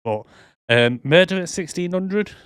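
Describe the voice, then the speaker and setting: Co-hosting a movie podcast, a man chats casually and rambles with lots of fillers. His high, expressive voice is fairly bright, clear and resonant, moving at a measured pace, captured in a dry, clean studio recording.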